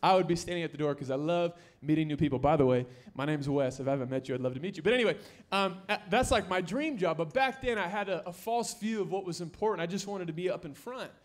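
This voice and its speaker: A young man preaching a sermon in a church, joking with the congregation and rising to near-shouts to stress his points. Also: on the high side, fast talker. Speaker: pastor. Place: church sanctuary.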